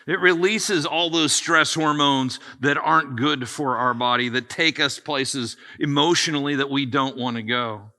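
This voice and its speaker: A middle-aged man preaching a sermon as pastor, in a conversational, animated way that speaks straight to the congregation. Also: medium pitch. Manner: conversational, animated, addresses listeners as guys.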